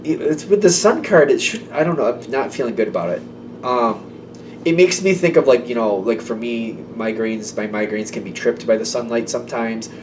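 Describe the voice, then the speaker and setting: A man gives a casual tarot reading, talking loosely and by feel, with lots of "like" and "um". His pitch sits in a middle range. He is set back a little from the mic, with a faint low rumble behind him. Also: lively intonation, normal speed, distant mic. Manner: rambling and intuitive, full of "like" and "um". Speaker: tarot reader.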